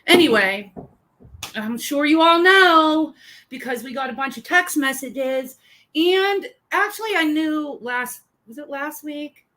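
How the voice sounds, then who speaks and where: A woman chatting on a livestream in a high voice. She rambles and swears casually as she greets viewers and tells stories. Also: expressive, slow pace, bright, forceful tone. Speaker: livestream co-host.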